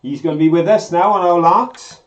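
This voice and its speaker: A man's voice: high-pitched, normal speed, reverberant. A British man co-hosting a live show, chatting with enthusiasm and drawing out his quiz questions. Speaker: co-host of a live mudlarking show. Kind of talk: casual live-stream chat.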